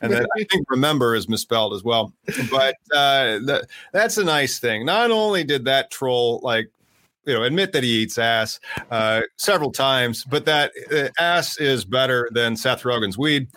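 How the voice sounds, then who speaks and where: A man's voice: medium pitch, expressive, moderate pace, sharp tone. A man co-hosting a casual podcast, rambling with lots of fillers and restarts, recorded remotely. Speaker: podcast co-host. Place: home, remote via streaming service.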